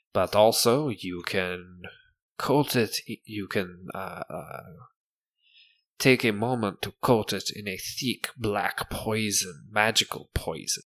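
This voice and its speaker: A male elf shopkeeper with a put-on French accent murmurs his offers softly and slowly, as a man game master does his voice. His deep voice takes its time over every word. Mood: hushed. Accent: fake French. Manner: soft, hushed, drawn out. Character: male elf shopkeeper faking fancy manners.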